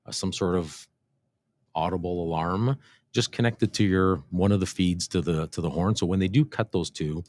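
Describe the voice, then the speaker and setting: A man with a very low voice talks through police and traffic questions on a livestream. His delivery is loose and conversational, full of ums, restarts and trailing thoughts. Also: normal speed, no echo, studio quality. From Canada. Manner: relaxed, explanatory, many fillers and restarts. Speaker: police constable and show host. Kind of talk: casual livestream Q&A. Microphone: desk microphone, briefly too far from it.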